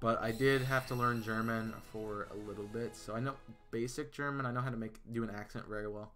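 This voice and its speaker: A man's voice: mid-range voice, fairly even intonation, a little fast, a bit bright, faint music behind. A man streaming a game live, chatting casually with his viewers, with lots of fillers and restarts. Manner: chatty, answers chat, many fillers and restarts.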